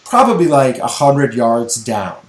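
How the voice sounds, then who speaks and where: A middle-aged man co-hosting a podcast, telling a story in casual, animated chat. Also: medium pitch, unhurried. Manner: animated storyteller, acts out voices in anecdotes. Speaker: podcast co-host. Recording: echoey room.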